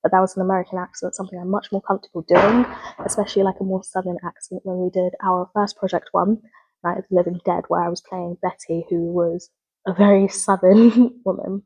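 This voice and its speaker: Breathy young woman vlogging earnestly. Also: on the low side, little pitch movement, fast, low-quality recording. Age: young adult. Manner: earnest, rambling, self-correcting. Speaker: drama student. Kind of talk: spoken reflective video log.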